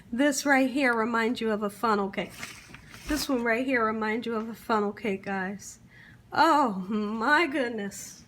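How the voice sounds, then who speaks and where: A fairly high-pitched woman speaks slowly and steadily, her tone a little bright, with a bit of background noise. She hosts a cooking vlog from her home kitchen, full of enthusiasm, repeatedly saying "guys" to her audience and humming while tasting.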